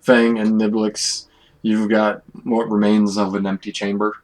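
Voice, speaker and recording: A man's voice: fairly low pitch, little pitch movement, moderate pace, darkish tone, low-quality recording. A man running a tabletop game as game master, describing the scenes in an easygoing way and laughing often. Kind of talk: narrating a tabletop game over voice chat.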